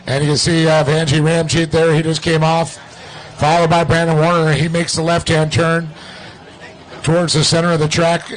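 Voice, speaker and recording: A man's voice: on the high side, completely flat delivery, moderate pace, rough recording. A man co-commentating a live race in a loose, jokey way, with many fillers.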